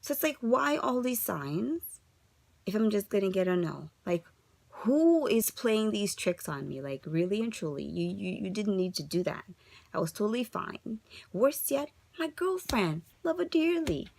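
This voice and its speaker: Gravelly-voiced woman venting to camera. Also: mid-range voice, animated, moderate pace, darkish tone, no echo. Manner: frustrated, rambling, rhetorical questions. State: upset, holding herself together. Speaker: vlogger sharing a fertility journey update. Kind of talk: casual confessional vlog.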